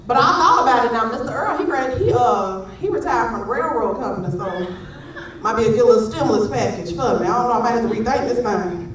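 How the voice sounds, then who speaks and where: A high-pitched Southern woman in her thirties delivers stand-up with a sassy drawl. Her voice comes from far off the mic, with a big roomy echo from the stage. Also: brisk. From Alabama. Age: 30s. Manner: sassy, drawling, laughing punchlines. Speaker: stand-up comedian. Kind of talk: stand-up comedy set. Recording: roomy, distant stage audio.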